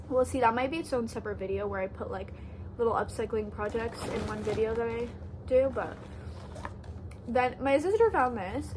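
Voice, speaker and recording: A woman's voice: on the high side, a little mellow, slight background noise, low-quality recording. A young woman from Canada chatting casually in a haul vlog, bubbly and gushing, full of "like" fillers. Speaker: thrift haul vlogger.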